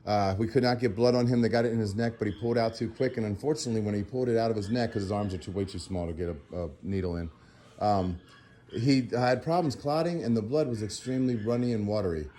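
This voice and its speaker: A man speaks in a low, mellow voice, worn out after a sleepless night. He talks to the camera at home in a loose, rambling way, full of ums and restarts. A faint hiss of background noise sits under the recording. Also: fast talker. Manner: rambling, filler-heavy, soft baby talk to a puppy. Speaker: animal sanctuary vlogger. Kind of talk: casual talk to camera.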